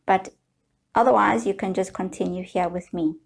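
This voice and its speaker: A woman guiding viewers through a slow, soothing tapping session, leading them in repeated affirmations. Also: medium pitch, steady tone, vocal fry, slight background noise. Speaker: EFT tapping guide.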